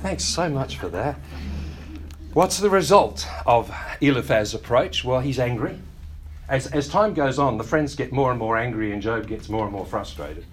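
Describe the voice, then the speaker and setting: Man, pastor, sermon, animated delivery, slightly high pitch, wry asides, faint background noise. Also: moderate pace. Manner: acts out quoted voices, wry asides. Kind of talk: sermon teaching.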